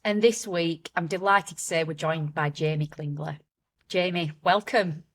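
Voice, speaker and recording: A woman hosting a business podcast, reading a welcome and then interviewing a guest with warm reactions. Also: low voice, a little slow. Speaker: podcast host. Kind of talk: scripted intro and interviewing.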